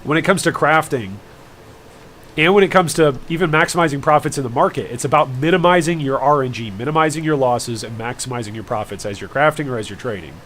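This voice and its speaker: A man's voice: mid-range voice, fast talker, fairly bright tone, a little hiss or hum. A man streaming a game live, chatting casually and rambling with jokey asides to his viewers. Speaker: gaming streamer.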